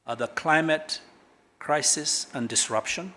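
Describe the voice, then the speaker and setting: Brief: middle-aged man, government speaker, emphatic keynote delivery with dramatic pauses. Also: expressive. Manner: emphatic orator, big swings in pitch and loudness, dramatic pauses. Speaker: government official giving a keynote. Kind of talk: public speech at a corporate launch.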